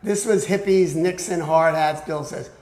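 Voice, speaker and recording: In an echoey room, an older man recalls his years in music as an interview guest, his voice a little slow and pitched on the high side. He is a lively storyteller, performing the voices of the characters in his anecdotes.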